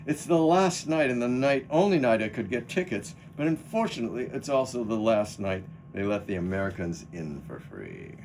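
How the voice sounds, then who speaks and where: A man reading the part of a polite, reserved gentleman who keeps apologizing, at a play rehearsal. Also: medium pitch, sing-song, normal speed, gravelly, hardly any pauses, slight background noise, low-quality recording. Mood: wry. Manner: dry, formal, self-effacing. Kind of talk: rehearsal read-through.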